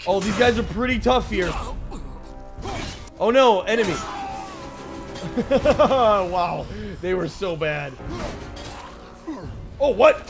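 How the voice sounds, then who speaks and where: A young man giving joking, excitable let's play commentary, talking back to the game characters. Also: sits high, slow pace, long pauses, music in the background. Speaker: gaming YouTuber.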